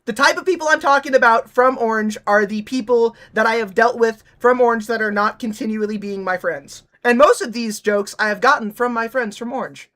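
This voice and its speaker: A young woman streamer from Nevada chats casually and rants, swearing freely as she mocks. Her voice sits high and carries a bright, sharp edge. She talks in a loose, joking stream style. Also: brisk, few pauses. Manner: profane, ranting, mocking.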